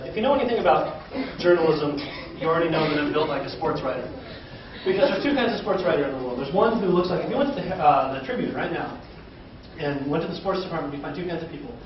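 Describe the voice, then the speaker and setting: A man's voice: fairly high pitch, expressive, quick pace, dull audio. A man doing a stand-up comedy set in front of a live audience, telling self-deprecating stories and acting out bits of dialogue. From North Idaho. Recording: distant roomy live recording, audience noise.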